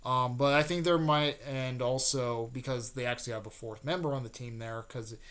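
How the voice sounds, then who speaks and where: A man with a mid-range voice, steady tone and slightly bright sound gives an offhand, rambling retelling of a fan-made story. He fills it with fillers and restarts and slips in quick character quotes.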